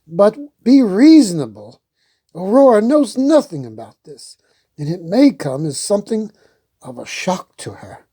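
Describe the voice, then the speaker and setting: A woman voicing a fatherly old king who pleads in a measured way. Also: medium pitch, very animated, warm tone, slightly rough, voice pushed up. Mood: pleading.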